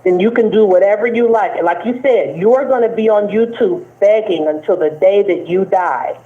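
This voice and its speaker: A woman's voice: medium pitch, moderate pace. Lecturing woman calling in, condescending, trips over her words, thin phone-line sound. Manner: lecturing, condescending, hesitant restarts. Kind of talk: live-stream argument.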